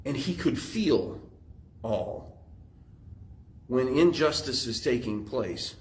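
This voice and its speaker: A man's voice: mid-range voice, expressive, slow pace, slight background noise, poor audio. A man pastor, teaching a Bible study in a conversational, explanatory way with frequent fillers.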